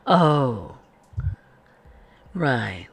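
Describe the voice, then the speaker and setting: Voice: medium pitch, very animated, drawn-out words, fairly bright tone, breathy edge, pitched above the performer's own voice, exaggerated voice. A man voicing a smug, condescending vampire courtier.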